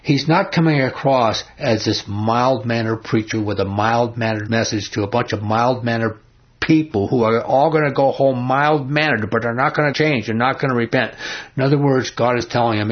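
Reading scripture aloud, a man leading a Bible study unpacks each verse in an emphatic, conversational way and frequently asks his audience questions. He's a Bible teacher with a medium-pitched voice and a moderate pace, captured on a dull, lo-fi recording.

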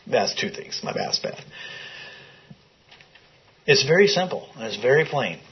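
A man with a slightly husky voice teaches scripture to a small group in a room. He reads passages aloud and keeps stopping to put questions to his listeners. The recording sounds muffled and lo-fi. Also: medium pitch, sing-song, a little slow, pauses often. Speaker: Bible study teacher. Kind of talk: interactive Bible teaching. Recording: dull lo-fi recording.

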